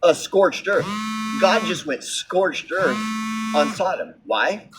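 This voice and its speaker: A man's voice: sits high, very animated, slow. A man delivering a heated, sarcastic and profane ranting monologue, full of fillers like "like" and "you know.". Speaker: vlogger. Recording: distant mic with faint background hiss.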